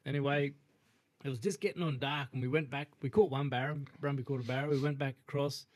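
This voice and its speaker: An Australian man co-hosting a casual pub-style podcast, easing through a long story in a relaxed drawl. He swears freely and breaks into laughter, and his voice sits at an ordinary middle pitch. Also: fast. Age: adult with a young son. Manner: laid-back yarn-spinning, swears freely, laughs often. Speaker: podcast co-host.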